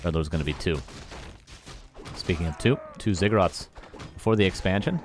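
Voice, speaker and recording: A man's voice: sits low, moderate pace, slight background noise. A Canadian man casting a live strategy game match, chatty and self-mocking, thanking viewers by name between plays. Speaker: esports caster.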